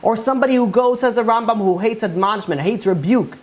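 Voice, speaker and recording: A woman teaching a Torah lecture, telling stories in a lively way with many fillers and restarts. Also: on the high side, fast.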